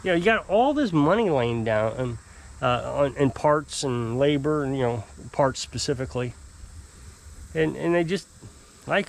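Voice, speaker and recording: A man telling a long, exasperated story to camera in a rambling, casual way. He mimics his customers in high, put-on voices. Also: animated, measured pace, vocal fry. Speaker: off-grid homesteader fixing small engines.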